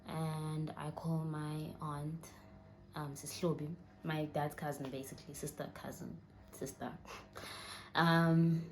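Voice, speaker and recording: A woman's voice: sits low, level tone, takes it slowly, noisy background. A young woman in her twenties with a Southern African accent, telling a personal story while holding back tears and often sinking to a near whisper. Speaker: vlogger. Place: indoors, seated.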